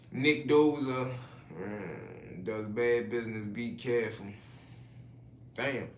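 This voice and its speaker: A man's voice: medium pitch, distant mic. A man hosting a casual livestream. He talks loose and profane and speaks straight to his chat while he reacts to the news. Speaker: livestream host. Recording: roomy echo, faint noise.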